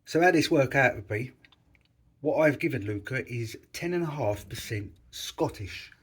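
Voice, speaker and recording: A man's voice: medium pitch, lively intonation, moderate pace. A man vlogging in casual chat, rambling and correcting himself as he talks.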